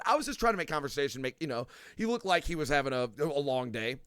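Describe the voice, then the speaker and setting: A man's voice: fairly high pitch, fast talker, few pauses, clean tone, no room sound, studio quality. A young man hosting a podcast, telling chatty anecdotes in casual conversation. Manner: lively, chatty anecdote-teller. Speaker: podcast host. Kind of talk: casual chat.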